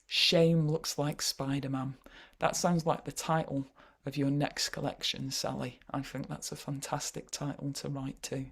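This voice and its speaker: A woman with a Yorkshire accent leading an online poetry workshop over a video call, chatty and wry, often pausing with "uh". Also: rumbling low, level tone, creaky, breathy edge. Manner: chatty, wry, frequent hesitations.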